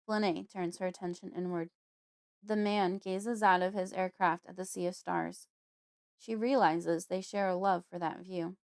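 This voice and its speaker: A woman, the author and host, reading her own novel aloud in a casual audiobook style with a steady, expressive delivery. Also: lowish voice, moderate pace, no room sound, clean studio sound.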